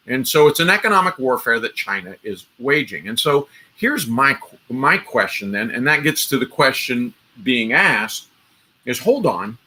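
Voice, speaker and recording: A man hosting a live stream offers casual political commentary, rambling with frequent restarts and asides spoken directly to his viewers. His mid-range voice is sing-song and sharp in tone, at normal speed.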